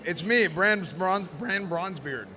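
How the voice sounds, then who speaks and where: A man presenting in costume at a live event, joking and rambling loudly. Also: sits high, lively intonation, unhurried. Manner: playful, rambling, loud. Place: convention event floor. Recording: noisy convention floor.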